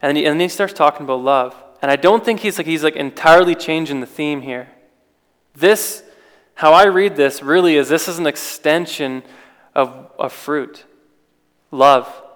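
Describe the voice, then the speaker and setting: A man's voice: on the high side, normal speed, fairly bright tone, big-room sound. A man preaching an informal sermon in a conversational way, with restarts and rhetorical questions.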